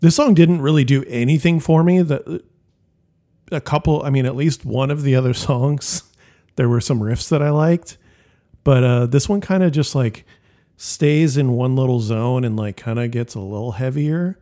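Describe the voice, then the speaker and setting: A man's voice: medium pitch, normal speed, warm tone. A man co-hosting a music podcast, talking casually and rambling with fillers and restarts. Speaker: podcast co-host.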